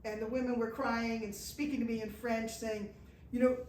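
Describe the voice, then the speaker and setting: A woman's voice: on the high side, level tone, normal speed, darkish tone. A woman from the United States telling a live travel story to an audience, acting out the people she quotes and laughing at herself. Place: indoor event room with an audience. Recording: echoey room from far off, faint noise.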